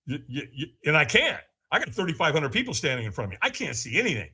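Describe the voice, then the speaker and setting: A man's voice: very animated, fast, few pauses, bright, forceful tone, husky. A man on a podcast, telling his story with frequent laughs and acted-out quotes. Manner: laughs often, acts out quotes in a higher voice. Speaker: podcast guest. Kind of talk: animated storytelling.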